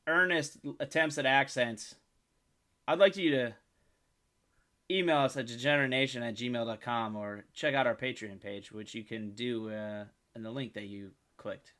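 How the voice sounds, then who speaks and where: A man co-hosting a crude podcast, swearing freely as he riffs. His voice is bright and forceful, talking over a video call. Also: mid-range voice, moderate pace. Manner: profane and jokey. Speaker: podcast co-host. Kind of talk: crude casual chat.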